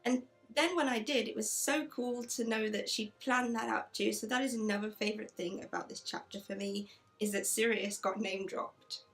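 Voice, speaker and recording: A woman's voice: a little high, fairly even intonation, normal speed, a bit bright, faint music behind. A woman chatting enthusiastically in a casual book review, reading passages aloud. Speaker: book vlogger.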